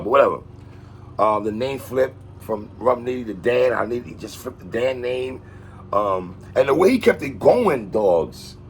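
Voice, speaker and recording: Animated man with a gravelly voice. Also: fairly high pitch, a little hiss or hum. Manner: animated, slangy, excited outbursts about bars. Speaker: battle rap recap host. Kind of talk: casual recap commentary.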